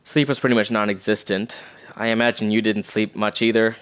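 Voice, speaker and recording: A man's voice: lowish voice, flat delivery, brisk, fairly bright tone, clear, resonant tone. A man doing casual live commentary on a game playthrough, reading in-game messages aloud and adding slangy quips. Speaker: streamer.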